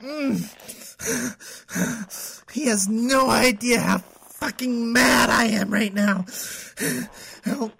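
A petulant, self-absorbed young woman in an audio drama, played by a woman, pouring out her grievances to her therapist. Her voice sits high and airy, and she drags out her complaints slowly. She sighs constantly and pads every thought with "like". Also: gravelly, a bit bright, husky, heavily acted. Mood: furious. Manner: whiny, full of sighs and "like" fillers. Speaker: patient venting to a therapist.

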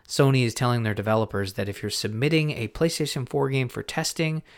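A man hosting a gaming podcast in a casual, rambling way, often stopping himself mid-thought and getting excited. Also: medium pitch, fairly quick. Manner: rambling, self-interrupting, excitable. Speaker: podcast host. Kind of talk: casual chat.

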